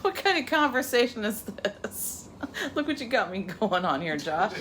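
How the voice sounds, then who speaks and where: A woman's voice: on the high side, very animated, a little slow, fairly bright tone, a little hiss or hum. A middle-aged woman chatting casually in her home kitchen, laughing often as she cooks for a vlog. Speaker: vlogger. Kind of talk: casual cooking vlog chat.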